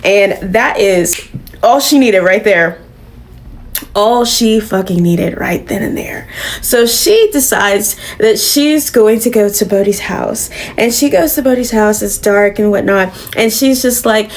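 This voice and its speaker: A woman retelling a comic story in a casual, animated way. She swears freely and talks at a middling pitch. Her delivery is loose and conversational. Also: a little slow. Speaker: comic book reviewer. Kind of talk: casual recap.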